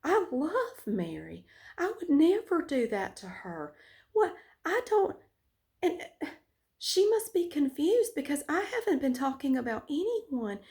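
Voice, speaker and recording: A woman's voice: sits high, big pitch swings, unhurried, a little mellow, voice pushed up, exaggerated voice. A woman voicing a two-faced male teacher who stammers and fawns in false innocence. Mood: fake concern.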